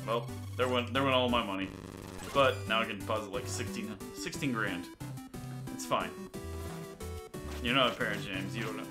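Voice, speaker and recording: Over background game music, a young streamer talks to his chat and laughs while casually narrating his live gameplay. He speaks at normal speed in a fairly low voice, leaving long pauses.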